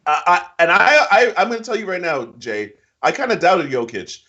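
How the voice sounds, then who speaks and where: A man's voice: big pitch swings, moderate pace, sharp tone. A man co-hosting casual basketball chat, giving emphatic, slangy opinions. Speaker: NBA picks co-host. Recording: muffled low-fidelity audio.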